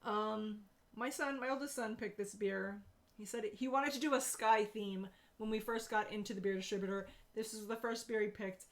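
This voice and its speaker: A woman co-hosting a beer and comics stream, casual and giggly, laughing often and breaking into playful shouts. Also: medium pitch, fairly even intonation, moderate pace. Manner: playful, loud bursts of shouting. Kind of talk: casual chat.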